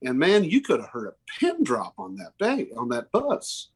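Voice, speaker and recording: Guy in his 50s, earnest and emotional, bit higher voice, talks in restarts. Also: wildly swooping pitch, moderate pace, gravelly, breathy edge. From Oklahoma. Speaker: musician guest. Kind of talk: candid interview storytelling.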